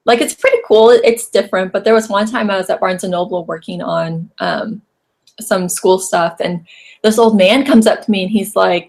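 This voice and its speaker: A young woman with an ordinary mid-range voice chats about comics. Her talk is casual and quick, sprinkled with fillers. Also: medium pitch, darkish tone.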